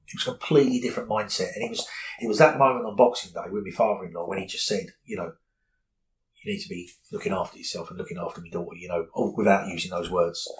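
A man's voice: low-pitched, quick pace, slight background noise, rough recording. A middle-aged man, candidly telling a personal story in an interview, rambling with many fillers.

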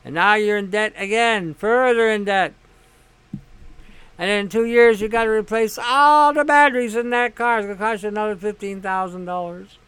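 A man hosts a casual monologue in a high, smooth, clear voice. He talks bluntly, swears freely and leans on sarcasm. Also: moderate pace, a bit bright, no room sound. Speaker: host.

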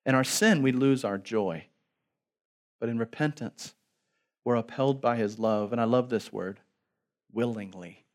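A man who is a pastor preaching a sermon, moving between soft pleading passages and loud, emphatic calls to the congregation. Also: mid-range voice, unhurried, long pauses. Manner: asks the congregation to respond aloud.

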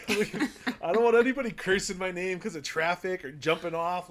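A man chats casually on a podcast, rambling and poking fun at himself. His voice sits a little higher than most men's. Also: moderate pace. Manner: rambling, self-deprecating. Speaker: podcast co-host.

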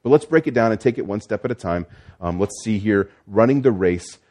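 A male pastor delivers a teaching sermon in a fairly low voice. He walks through the text patiently and often restarts his sentences. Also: expressive, a little fast, a little mellow. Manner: teaching, explanatory, with frequent restarts.

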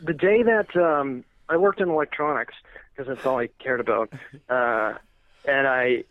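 A man in his thirties, a stand-up comedian, telling stories in casual podcast chat, animated and profane, often laughing at his own jokes. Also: medium pitch, a little slow, no room sound. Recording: muffled lo-fi podcast recording.

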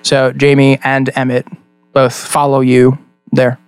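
A young man running a tabletop game as game master, casual and animated, with many fillers. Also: mid-range voice, a little slow, smooth, soft background music.

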